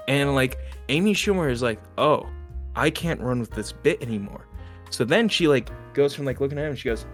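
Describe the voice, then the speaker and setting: A man's voice: mid-range voice, lively intonation, faint music behind. Casual young man retelling a story. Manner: rambling, retells scenes with quick impressions. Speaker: podcast co-host. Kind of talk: casual chat.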